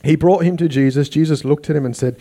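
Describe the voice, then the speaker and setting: A man preaching a sermon, animated, acting out the people he quotes. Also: fairly high pitch, fast. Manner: animated, acts out quoted voices.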